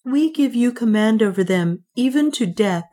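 A woman's voice: fairly high pitch, animated, normal speed, warm tone, pitched above the performer's own voice. A woman reading the part of a young woman posing as a goddess-queen, giving formal, commanding orders.

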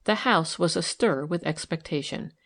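A woman narrating a novel in an even, measured reading style. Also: on the low side. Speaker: audiobook narrator. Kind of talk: scripted narration.

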